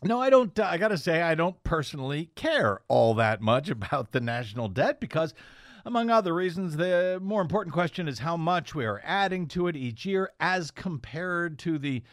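A man's voice: on the high side, expressive, normal speed, dry recording, clean studio sound. A man hosting a political talk radio show, delivering a sardonic, pointed monologue. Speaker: radio host and investigative blogger.

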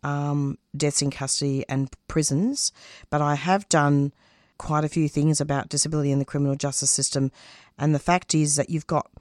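A woman's voice: low-pitched, fairly even intonation, moderate pace, a little mellow, no echo, clean studio sound. A woman who produces radio, speaking in an interview with intense, emphatic feeling. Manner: intense, emphatic, openly emotional. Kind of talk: candid interview answers.

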